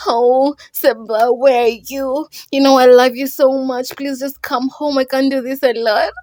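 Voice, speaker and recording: A Kenyan woman voicing a heartbroken young wife who slowly and tearfully begs her absent husband to come home. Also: high voice, steady tone, darkish tone, dry recording, clean studio sound, pitched above the performer's own voice. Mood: pleading.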